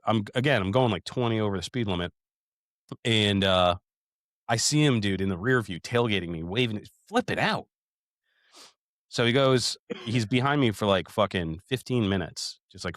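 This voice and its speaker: A man's voice: fairly low pitch, fairly bright tone, no room sound, clean studio sound. Swearing man telling rambling stories. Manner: profane, rambling storyteller, calls listeners "dude". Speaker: podcast co-host. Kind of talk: casual podcast chat.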